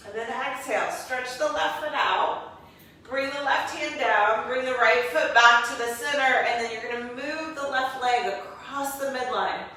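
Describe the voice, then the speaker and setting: Woman yoga teacher, slow calm cues, higher voice, really echoey room, mic a ways off. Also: distant mic, a little hiss or hum. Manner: calm step-by-step cueing with spiritual encouragement. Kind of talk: guided yoga class.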